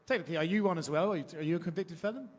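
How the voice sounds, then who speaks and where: A male reporter pushes quick, probing questions at a fighter, with a voice a touch higher than most men's. He talks fast and keeps the questions coming.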